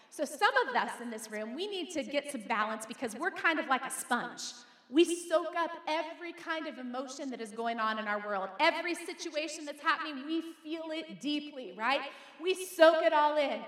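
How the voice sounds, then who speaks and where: A middle-aged woman pastor preaching a lively sermon to her congregation and calling on them to repeat her words. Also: high-pitched. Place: church sanctuary. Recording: echoey hall.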